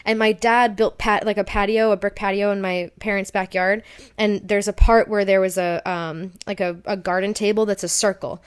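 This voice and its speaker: A woman's voice: medium pitch, little pitch movement, moderate pace, clear, resonant tone. A young woman co-hosting a podcast, casually telling a long personal story and acting out her own panicked reactions. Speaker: podcast co-host.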